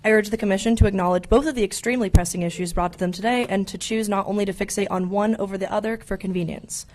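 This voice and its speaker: A young woman speaks quickly and earnestly at the public podium of a county meeting. She reads her prepared comment at a brisk pace with mid-range pitch. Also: fairly even intonation, darkish tone. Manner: earnest, becomes emotional.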